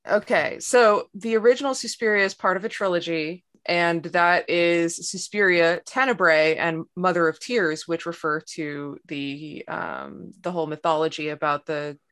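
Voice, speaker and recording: A woman who is a comics artist, chatting casually on a podcast. She hesitates with many ums and throws in deadpan asides. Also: fairly low pitch, moderate pace, few pauses, clean tone. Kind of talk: casual chat.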